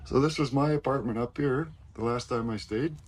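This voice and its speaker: A man's voice: moderate pace, a little hiss or hum. A man chatting casually while giving a walking tour of a rural property, recorded outdoors on a phone as he walks. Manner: chatty, cooing at animals in a high voice. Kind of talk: casual live chat.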